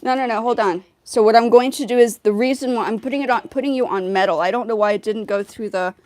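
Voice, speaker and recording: A woman with a slightly high voice hosts a casual music livestream. She talks in an animated way, laughs a lot and repeats words as she goes. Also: fast.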